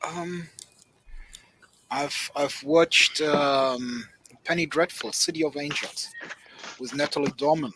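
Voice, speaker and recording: A man chatting casually on an online call, pausing often to search for his words. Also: fairly high pitch, very noisy. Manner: hesitant, searching for words with many ums. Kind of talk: casual chat.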